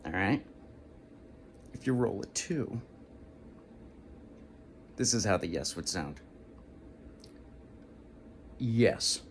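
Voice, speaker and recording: A man's voice: deep voice, animated, slow pace, pauses often, a little hiss or hum. A man with a dry throat hosting a casual one-take tutorial video. He talks in a hesitant way, stopping and restarting as he explains things again. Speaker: video host.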